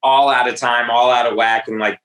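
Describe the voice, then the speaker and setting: A man from Northern Virginia, a music producer talking in a casual interview, excitable and self-deprecating. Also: mid-range voice, fairly quick, echoey room, poor audio.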